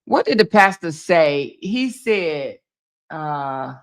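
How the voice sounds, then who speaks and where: A woman hosting a casual reaction commentary. She talks in an animated, exclaiming way and calls her viewers "y'all" and "honey". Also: sits low, takes it slowly, clear, resonant tone. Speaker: host.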